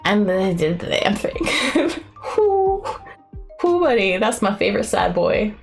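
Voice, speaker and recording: A woman artist chatting casually on a co-working livestream, effusive and excitable, sometimes breaking into high squeals. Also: normal speed, vocal fry, soft background music. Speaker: artist streaming a co-working session.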